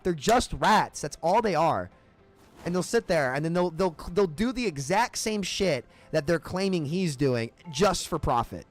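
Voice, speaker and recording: A man streaming a game, ranting in heated, profane bursts and repeating himself as he talks. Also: on the high side. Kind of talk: livestream rant between matches.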